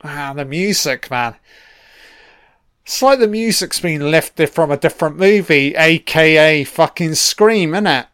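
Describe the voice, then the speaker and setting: Guy swearing his way through a movie commentary, slow and clear. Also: on the high side, fairly bright tone, no echo, clean studio sound. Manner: swears constantly, blunt and opinionated. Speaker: film commentator. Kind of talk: casual audio film commentary.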